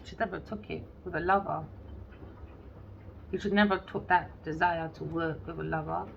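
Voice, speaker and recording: A woman's voice: on the low side, steady tone, normal speed, gravelly. A woman giving a casual tarot reading, blunt and sarcastic, swearing freely and acting out lines of imagined dialogue. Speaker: tarot reader. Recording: slightly dull lo-fi audio with faint background noise.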